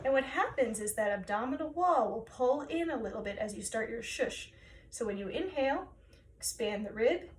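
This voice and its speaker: A woman choir director guiding singers through breathing and vocal warm-up exercises, encouraging them step by step. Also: fairly high pitch, lively intonation, moderate pace, recorded from a distance, slight background noise.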